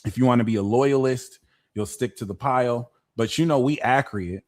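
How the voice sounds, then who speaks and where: A man hosting a live tarot card reading, talking in a playful, slangy, animated way. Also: mid-range voice, fairly quick. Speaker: tarot reader.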